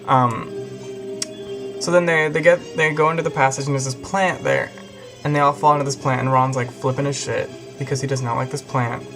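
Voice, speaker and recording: A man's voice: medium pitch, fairly even intonation, a little fast, music in the background. A young man casually retelling a story in a rambling, profane way. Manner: rambling, profane, lots of fillers. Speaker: video host.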